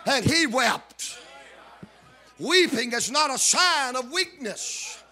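A man preaching a sermon, repeating call-outs to the congregation and rising into shouted emphasis. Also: very high-pitched, lively intonation, slow pace. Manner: builds to shouted emphasis, calls out "are you listening".

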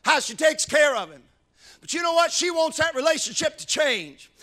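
Male preacher, very high voice, bright tone, shouting then hushing. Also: lively intonation, normal speed. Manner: swings from loud shouted emphasis to hushed low tones. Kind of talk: sermon.

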